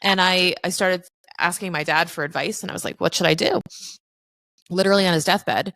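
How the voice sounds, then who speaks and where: A woman's voice: fairly low pitch, fast, sharp tone, no room sound. A woman guest on a podcast, telling her story in a frank, candid way, swearing freely and acting out quoted voices. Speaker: podcast guest, accountant and business owner. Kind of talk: casual storytelling interview.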